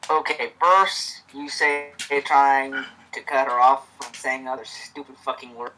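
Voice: medium pitch, fairly even intonation, a little slow, sharp tone, slight background noise, rough recording. The host of a live fanfic reading, narrating and chatting in a rambling way with lots of fillers on a home microphone.

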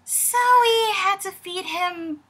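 A woman voicing a clumsy, cheerful young unicorn mare in a live fanfic reading, talking in a breathy, lively way. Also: very high voice, slow pace, pitched above the performer's own voice, heavily acted. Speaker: voice actor reading a character part.

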